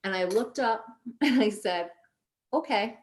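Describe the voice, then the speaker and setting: A middle-aged woman recounting a personal story in easygoing conversation. She talks at a medium pitch and keeps it animated, jumping up when she quotes herself or a friend. The tone stays relaxed and chatty throughout. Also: measured pace. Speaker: podcast guest. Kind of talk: casual storytelling.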